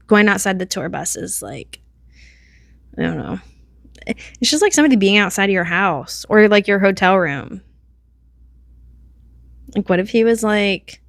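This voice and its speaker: A woman's voice: medium pitch, a bit bright, dry recording, clean studio sound. A woman in her thirties hosting her own podcast in a casual, rambling chat, filling her talk with "like". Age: 30s. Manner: chatty and rambling, heavy use of "like". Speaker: podcast host.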